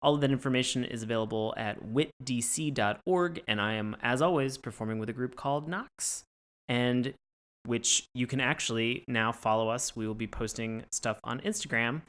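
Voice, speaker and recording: A man's voice: mid-range voice, normal speed, fairly bright tone. Upbeat man plugging shows. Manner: upbeat, plugs shows and social handles. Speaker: podcast co-host. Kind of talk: casual podcast chat.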